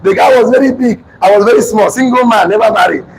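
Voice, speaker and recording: A man in his thirties with a Nigerian accent, giving an emphatic motivational seminar talk, often shouting and repeating lines for his audience. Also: sits high, quick pace. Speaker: motivational speaker. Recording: noisy room recording.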